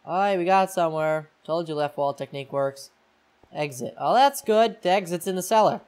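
A man's voice: fairly high pitch, normal speed, a little mellow, clear, resonant tone. A young man playing a horror game and giving rambling, self-mocking casual commentary into a desk mic. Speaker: gaming YouTuber.

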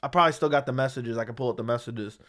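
A man's voice: mid-range voice, rapid-fire, a bit bright. A man hosting an MMA livestream, ranting in a heated, profane, emphatic way into a studio mic. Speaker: MMA commentary host. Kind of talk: livestream rant. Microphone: studio dynamic mic.

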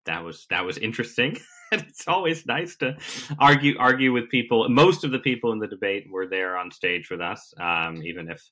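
Low-voiced guy with a bright edge, joking about himself as a podcast guest. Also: expressive. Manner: quick, wry, self-deprecating humor. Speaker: guest columnist. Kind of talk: casual interview conversation.

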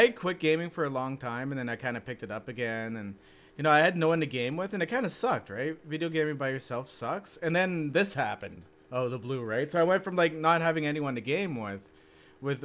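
A young Canadian man streaming a survival game live, chatting casually and yelping and laughing when things go wrong. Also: mid-range voice. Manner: excitable, yelps and laughs in panic. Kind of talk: live gameplay commentary.

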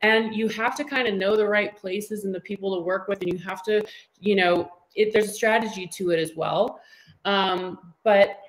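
Woman in her thirties, interview guest, lively storytelling, mid-range voice, acts out dialogue. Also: medium pitch, normal speed, low-quality recording. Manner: animated storyteller who acts out quoted dialogue. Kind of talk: casual interview.

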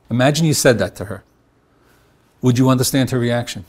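A middle-aged man leads a marriage workshop as its therapist, with a voice of middling pitch. He keeps putting questions to his listeners and acts out both spouses in his examples. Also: darkish tone, breathy edge. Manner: asks the audience rhetorical questions and pauses on them. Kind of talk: workshop lecture.

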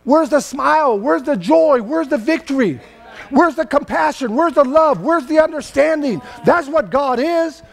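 Older california preacher guy, really high voice, chatty sermon that gets loud and shouty. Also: animated, normal speed, vocal fry. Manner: loose, conversational preaching that swells into emphatic shouting. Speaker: pastor.

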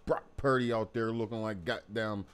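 A man's voice: on the low side, steady tone, moderate pace, clear, resonant tone. A young man hosting his sports channel, ranting angrily to camera about his team's loss. He curses freely and repeats himself when he gets worked up. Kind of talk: angry sports fan rant to camera.

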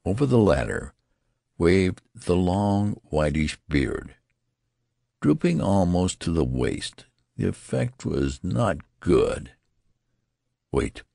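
A man reading an audiobook aloud in a slow, measured way, giving the dialogue lively voices. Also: deep voice, gravelly, dry recording, studio quality. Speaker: audiobook narrator. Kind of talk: scripted audiobook narration.

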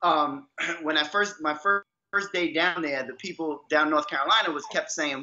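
A man's voice: on the high side, moderate pace, pushed and bright. A man with a New York accent, a guest coach telling a story in a laughing, casual way over a call. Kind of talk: casual interview chat. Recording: dull lo-fi sound.

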